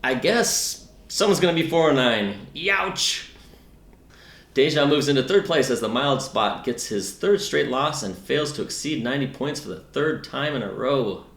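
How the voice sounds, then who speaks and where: A man's voice: medium pitch, lively intonation, normal speed. A man co-hosting a mock news recap of a fantasy league, delivering the scores with dry, sardonic jabs. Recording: roomy echo.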